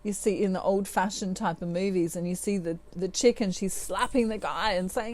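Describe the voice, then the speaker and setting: A woman's voice: medium pitch, steady tone, moderate pace, a little mellow. A middle-aged woman giving a tarot reading, laughing often and acting out quoted lines. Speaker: tarot reader.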